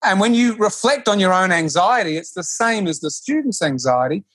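A man talks earnestly as a guest on a yoga podcast. He often stops and restarts as he works through an idea. His voice is husky and breathy, and it is recorded dry and close. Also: high-pitched, lively intonation, moderate pace, fairly bright tone, dry recording. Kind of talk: reflective conversational interview.

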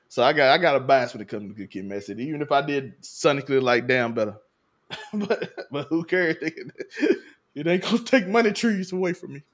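A podcast host in his thirties talks casually and with animation. His voice sits high and jumps all over, and he breaks into laughter often while acting out what others said. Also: animated, normal speed. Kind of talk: casual chat.

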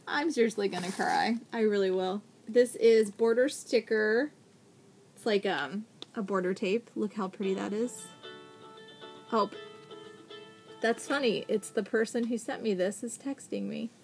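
A young adult woman vlogging at home, gushing excitedly as she shows off a package of gifts and repeats herself a lot. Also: medium pitch, slow, a little hiss or hum. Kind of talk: casual haul video.

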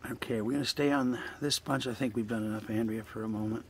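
Speaking fast in a steady tone, a medium-pitched man narrates a casual vlog outside by a trailer close to the woods. He's older, rambles, and coaxes animals affectionately with the occasional curse. Slight background noise can be heard.

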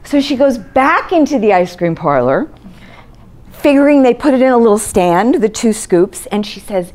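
Lively woman telling a story. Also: a little high, moderate pace. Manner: lively storyteller, acts out voices in quotes. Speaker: presentation coach. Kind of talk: short storytelling talk to an audience.

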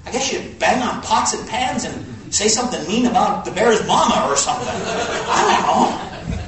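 A man preaches with a high, lively voice that leaps between hushed low asides and bright exclaims, spinning a folksy story. He sounds far from the mic, and the big church hall rings around him with a faint hiss underneath. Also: normal speed. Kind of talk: sermon with storytelling.

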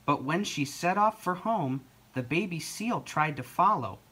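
Slow, lively storybook reader. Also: medium pitch, husky. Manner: slow, expressive read-aloud with lively intonation. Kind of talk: reading a picture book aloud for children.

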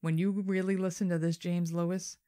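A woman with a somewhat low voice tells a true-crime story to her co-host. She talks in an animated, loose way and swears freely. It is casual podcast chat. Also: a little fast.

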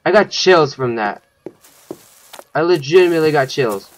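A man's voice: a little high, animated, normal speed, slight background noise. A man giving let's play commentary, thinking aloud and swearing when startled. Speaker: gaming channel host.

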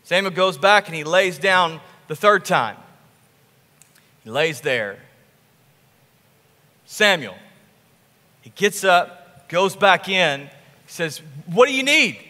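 A male pastor preaching a sermon, telling the story with animated, emphatic repetition. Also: sits high, takes it slowly, long pauses, big-room sound. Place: church sanctuary.

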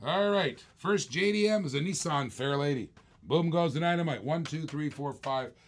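A man's voice: on the high side, moderate pace. An older man hosting a live-stream toy car auction, chatty and enthusiastic, repeating himself as he shows each car. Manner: enthusiastic, chatty, repeats lines while showing cars.

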